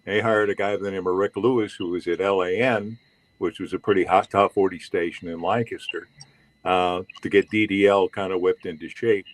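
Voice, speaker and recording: An older man, a former radio DJ, recalling his years on air in a measured, unhurried way. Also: sits low, steady tone, dry recording, poor audio. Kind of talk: casual reminiscing chat.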